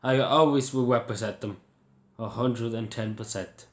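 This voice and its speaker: A man's voice: mid-range voice, normal speed. An Irish man talking to camera in a casual vlog, emotional and rambling, repeating himself as he goes. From Ireland. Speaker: YouTuber. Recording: roomy echo.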